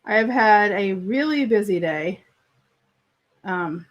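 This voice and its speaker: This is a woman hosting an easygoing craft livestream at home, chatting with viewers and reading what they write aloud. She speaks in a mid-range, expressive voice, a bit slowly, and comes across as friendly and chatty, laughing easily.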